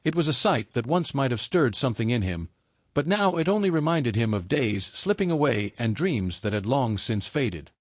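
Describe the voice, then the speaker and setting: A man reading a story as its narrator in a measured, descriptive way. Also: mid-range voice, very animated, dry recording, clean studio sound.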